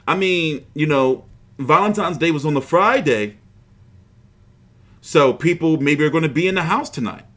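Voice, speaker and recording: A man's voice: a little high, animated, moderate pace, pauses often, a bit bright. A man hosting a boxing livestream, chatting casually in a rambling, profane, frustrated way.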